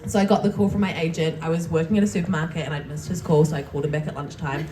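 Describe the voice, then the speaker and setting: A woman from New Zealand telling a soft-spoken, laughing story as a convention panel guest. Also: low voice, steady tone, very fast, slight background noise. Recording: distant mic with crowd.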